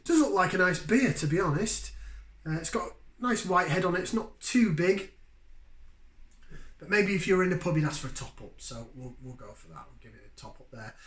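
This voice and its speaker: A man with a fairly high voice, hosting a relaxed beer review. He talks to his viewers in a chatty, enthusiastic way. The recording carries a noticeable room echo. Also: moderate pace. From Yorkshire, England. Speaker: beer review channel host. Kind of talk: casual beer review vlog. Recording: roomy, echoey room sound.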